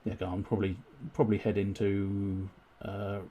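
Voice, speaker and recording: A man's voice: lowish voice, completely flat delivery, normal speed, lo-fi sound. A man chatting casually on a live game stream, wordy and politely formal, with frequent fillers and restarts. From United Kingdom.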